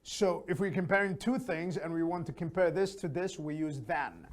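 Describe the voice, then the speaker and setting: A man teaching an English grammar lesson, slowly explaining and repeating example sentences. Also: on the high side.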